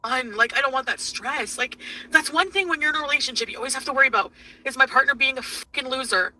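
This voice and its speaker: A woman's voice: sits high, fast, bright, forceful tone. A woman venting angrily on a livestream, swearing heavily as she rants at length. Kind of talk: emotional livestream rant. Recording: distant mic with faint noise.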